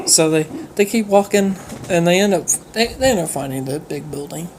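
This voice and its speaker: Low-voiced female storyteller, giggly and rambling, with faint noise in the background. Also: animated, brisk, a little mellow. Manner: giggly, rambling, with frequent fillers. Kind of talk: casual comedic storytelling.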